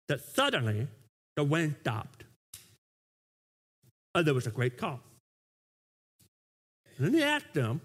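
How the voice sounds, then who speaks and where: High, animated male pastor preaching. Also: slow pace, long pauses, breathy edge. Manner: animated, stammering restarts. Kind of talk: sermon.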